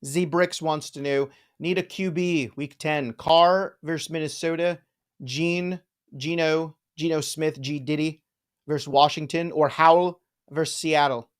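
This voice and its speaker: A man's voice: fairly high pitch, steady tone, a little slow, clean tone. A man hosting a live fantasy football show, joking around and riffing on names in casual chat. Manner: playful, jokey, riffs on names.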